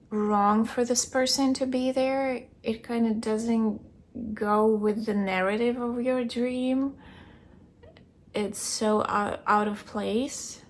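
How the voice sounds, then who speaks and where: A young woman keeping a video diary, recounting a dream in a hesitant way, searching for words and filling pauses with "like". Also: fairly high pitch, a little mellow. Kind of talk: casual personal storytelling.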